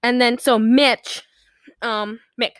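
A woman with a fairly high voice talks through a film scene in a casual, animated way, slipping into the characters' lines as she goes. The sound is close and dry, with no room echo. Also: slow, clear, resonant tone. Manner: chatty, animated retelling with quoted character voices. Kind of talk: casual movie recap chat.

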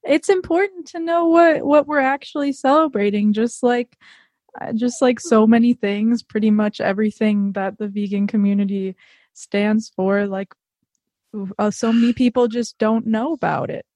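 A woman's voice: fairly high pitch, normal speed, darkish tone, no echo. A woman co-hosting a casual podcast, bubbly and laughing often. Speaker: podcast co-host.

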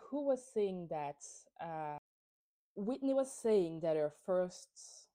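A woman's voice: mid-range voice, dark tone. Chatty opinionated woman podcast host. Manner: opinionated and chatty, with many fillers. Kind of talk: casual gossipy reality TV recap.

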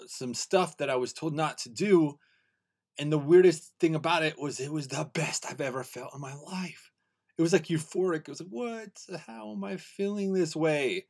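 Excitable man on a solo podcast. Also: fairly high pitch, husky. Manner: earnest, excitable, rambling with restarts. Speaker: podcast host.

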